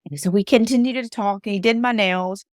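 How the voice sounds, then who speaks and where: A woman's voice: mid-range voice, fairly quick, no room sound, clean studio sound. Emphatic woman telling a story. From Alabama, USA. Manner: emphatic, repeats phrases for emphasis. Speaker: motivational speaker. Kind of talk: personal storytelling monologue.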